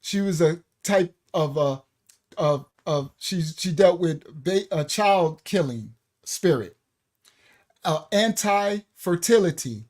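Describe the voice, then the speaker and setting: A man with a New York accent teaching a live-streamed bible study. He pauses and restarts often, spells words out letter by letter, and turns aside to talk to his viewers. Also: high-pitched, animated, darkish tone. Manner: talks things through, spells words out letter by letter.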